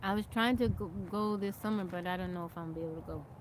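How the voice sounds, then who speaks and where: An American woman hosts a casual livestream outdoors in nature, chatting, greeting viewers by name as they join, and thanking them. Her voice is on the low side and she talks at a racing pace over heavy background noise.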